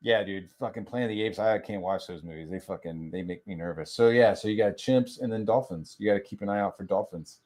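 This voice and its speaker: A young man appearing as a stream guest rants crudely and rambles, swearing heavily. His lowish, darkish voice moves quickly with hardly any pauses.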